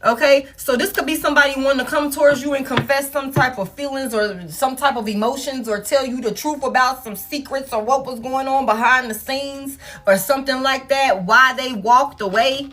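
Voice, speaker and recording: A tarot reader with a high-sitting, fairly bright voice speaks at a moderate pace, hardly pausing, in her home setup with soft music behind her. She's casual and blunt, swearing often and repeating phrases for emphasis.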